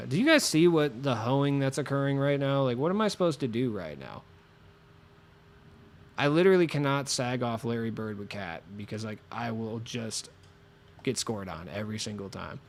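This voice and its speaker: A man streaming a basketball video game, chatting casually and excitably with viewers, cursing as he plays, with a voice a little lower than usual from being sick. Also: moderate pace, slight background noise. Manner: swearing, excitable, talks to chat while playing. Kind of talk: casual gaming stream chat.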